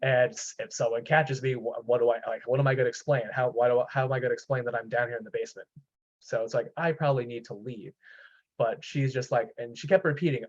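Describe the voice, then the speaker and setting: A man's voice: medium pitch, fairly even intonation, quick pace. Rambling man telling a ghost story. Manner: rambling, many fillers and restarts. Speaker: podcast host. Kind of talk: casual storytelling. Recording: dull lo-fi sound.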